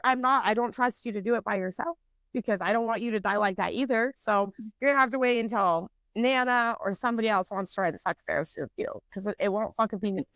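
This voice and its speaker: A woman's voice: a little high, fairly bright tone, no room sound. A woman in her twenties co-hosting a podcast, telling stories animatedly in casual chat and swearing constantly. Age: 20s. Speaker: podcast co-host.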